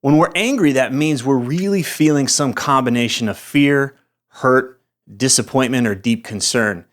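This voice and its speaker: A man's voice: mid-range voice, moderate pace. A middle-aged man, a podcast host and coach, giving a direct, emphatic motivational talk to camera with some mild swearing.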